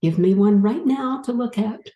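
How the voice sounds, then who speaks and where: A woman giving a spiritual talk and leading her audience through a guided exercise, gently coaxing and unhurried. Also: medium pitch, echoey room, low-quality recording. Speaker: speaker leading a group exercise.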